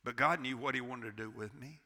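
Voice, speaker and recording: A pastor in his sixties preaching an impassioned sermon, swinging between loud and hushed. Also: medium pitch, a little fast. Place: church sanctuary. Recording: long church reverb.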